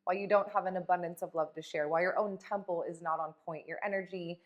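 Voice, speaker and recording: A woman's voice: on the low side, fairly even intonation, quick pace, muffled recording. A woman life coach talking in a casual motivational vlog, blunt, profane and emphatic.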